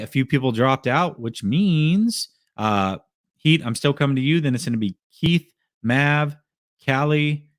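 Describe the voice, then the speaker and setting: A man's voice: mid-range voice, dry recording, studio quality. A man hosting a casual sports call-in show, taking callers and chatting in a laid-back, friendly way.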